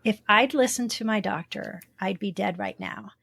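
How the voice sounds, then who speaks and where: A woman's voice: medium pitch, normal speed, creaky, fairly bright tone, husky. Woman podcast host, mid-range voice, sincere and encouraging interviewer. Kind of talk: interviewing a guest.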